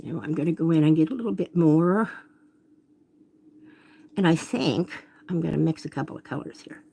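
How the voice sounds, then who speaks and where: A woman paints watercolors live from her home workspace, talking in a low, animated voice that's creaky, mellow and a bit rough, at normal speed. Chatty and apologetic, she keeps interrupting herself to apologize or talk about her setup. Sound comes from a phone camera.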